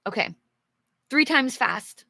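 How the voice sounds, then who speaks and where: A woman's voice: high-pitched, expressive, slow, creaky, sharp tone, dry recording, studio quality. A young woman teaching English, reading a storybook aloud and chatting with viewers, laughing often. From English-speaking country. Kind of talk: live English reading lesson with chat.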